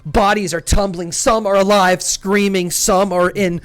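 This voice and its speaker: A man's voice: high voice, fairly even intonation, a little slow, fairly bright tone, clean tone, dry recording. A man narrating a fantasy tabletop game as game master, describing scenes vividly and in gory detail.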